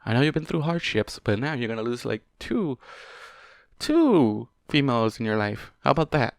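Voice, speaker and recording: A man's voice: medium pitch, very animated, normal speed, dry recording, studio quality. A young man reading fan fiction aloud, breaking off to swear and rant at the characters.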